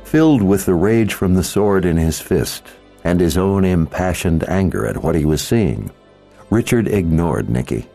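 Deep-voiced male audiobook narrator. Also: faint music behind. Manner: even, measured, dramatic reading. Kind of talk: scripted narration.

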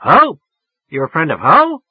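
A man's voice: on the high side, sing-song, normal speed, voice pushed up. A man reading an audiobook, voicing a sleepy, irritable woman woken by a late phone call who turns affectedly friendly. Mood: snappish. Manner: snappish, turning affectedly friendly and prim. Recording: muffled lo-fi recording.

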